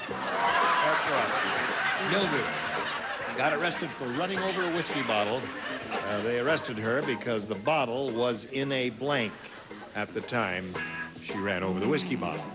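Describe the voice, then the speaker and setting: A man's voice: medium pitch, measured pace, over loud music. A man hosting a TV game show, joking and laughing often with guests on stage. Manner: jokey, animated, laughs often. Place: TV studio stage with audience. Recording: noisy old TV broadcast.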